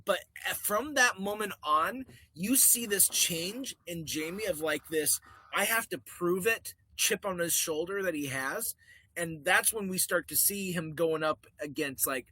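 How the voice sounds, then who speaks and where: Guy cohosting a tv podcast, brightish voice, dry close sound, lively chatter. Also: high voice, measured pace, breathy edge, dry recording. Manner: animated, quotes people in put-on voices, laughs often. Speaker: podcast co-host. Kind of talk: casual chat.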